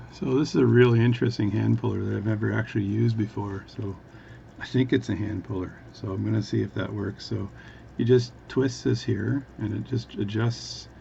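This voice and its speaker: Watch vlogger, man, gravelly voice, rambling and jokey, muffled recording with faint hum. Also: lowish voice, dark tone. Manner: rambling, self-interrupting, jokey. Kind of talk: casual workbench talk.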